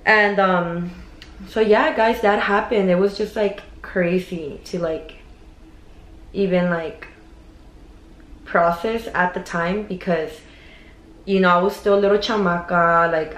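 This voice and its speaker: A woman's voice: on the low side, steady tone, slow pace, long pauses, reverberant, low-quality recording. A young woman, chatting casually and gossiping while she does her makeup, slipping Spanish words into her story. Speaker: beauty vlogger.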